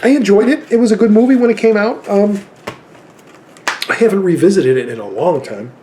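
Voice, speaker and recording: A man's voice: sits high, lively intonation, fairly quick, warm tone, slight background noise. A man in his fifties telling rambling anecdotes in a casual chat about his film collection.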